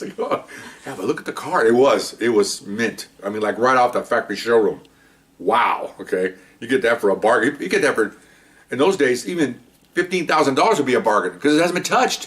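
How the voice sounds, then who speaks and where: A man's voice: on the low side, fairly bright tone, far from the mic. A man hosting a podcast, telling a police story in a chatty, rambling way, chuckling at grim details. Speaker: retired police officer podcast host. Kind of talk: casual storytelling monologue.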